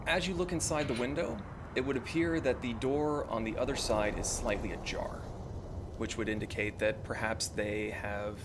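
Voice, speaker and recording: A man's voice: mid-range voice, fairly even intonation, noisy background. Man narrating as game master. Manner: descriptive, unhurried, with many fillers.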